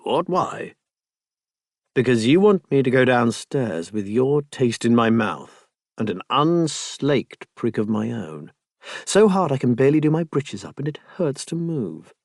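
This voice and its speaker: Man reading a shameless male lover, low hushed murmur, mid pitch, dry close sound. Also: sing-song, measured pace, no room sound. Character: bold, shameless adult man lover, whispering. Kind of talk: audiobook character voice.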